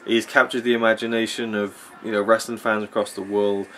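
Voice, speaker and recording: A man's voice: fairly low pitch, level tone, fairly quick, a bit bright, a little hiss or hum. A man ranting casually about wrestling as he watches a match, opinionated and rambling, with plenty of fillers. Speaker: wrestling vlogger.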